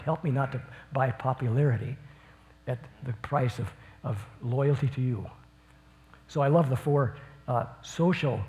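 A man giving informal Bible teaching. He swings from enthusiastic bursts into a quieter retelling of the story. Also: mid-range voice.

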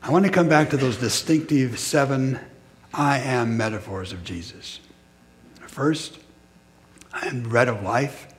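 A man preaching a sermon in a measured, reflective way, pausing between short phrases. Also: mid-range voice.

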